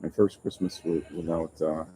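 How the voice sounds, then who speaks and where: A man hosting a casual live chat for his channel, rambling and self-deprecating, with halting restarts. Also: extremely low pitch, little pitch movement, mellow, a little hiss or hum, poor audio. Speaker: YouTube channel host. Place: open-air restaurant overlooking the ocean.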